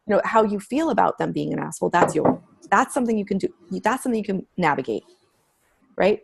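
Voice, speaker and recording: A woman's voice: medium pitch, lively intonation, fast, creaky, heavy background noise. A middle-aged woman speaking candidly as an interview guest, telling stories with emphatic, frank language. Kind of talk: conversational interview.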